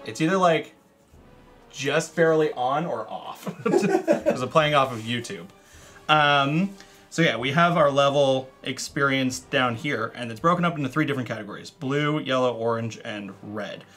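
A man's voice: medium pitch, lively intonation, normal speed, a bit bright, faint music behind. A man hosting a casual board game stream, explaining the rules in a rambling, easygoing way. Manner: rambling, restarts often, laughs along.

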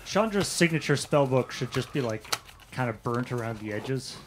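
Male stream regular, rambling and filler-heavy, clear background noise under the voice. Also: medium pitch, lively intonation, moderate pace. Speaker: show regular. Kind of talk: casual chat on a card-game stream.

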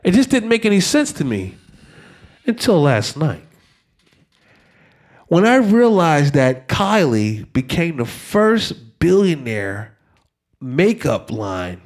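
A man doing a profane stand-up comedy set on stage, swinging from shouting to a hushed mock-calm voice. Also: on the high side, slow pace, long pauses, slight background noise. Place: stage before a live audience.

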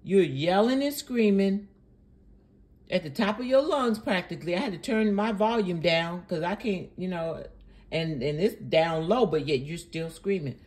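A woman's voice: on the low side, moderate pace, a little mellow. A woman hosting a reaction channel, commenting sarcastically and indignantly on a preacher's clip.

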